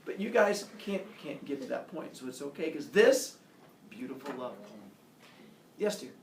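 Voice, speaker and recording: A man's voice: fairly high pitch, sing-song, normal speed, slight background noise. A man teaching a class, talking in a playful, theatrical way. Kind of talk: classroom lesson. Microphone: camera across the room. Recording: echoey classroom from far off.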